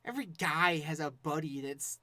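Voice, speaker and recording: A man's voice: on the high side, lively intonation, moderate pace, bright, forceful tone, no room sound. Joking man, dry close podcast sound. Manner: joking, laughs often. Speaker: podcast co-host. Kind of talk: casual chat.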